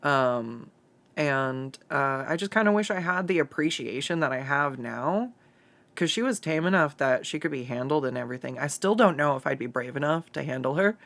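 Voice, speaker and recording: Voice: mid-range voice, animated, normal speed, fairly bright tone. A streamer from the Pacific Northwest chatting casually while drawing and reading chat aloud, swearing freely and laughing often.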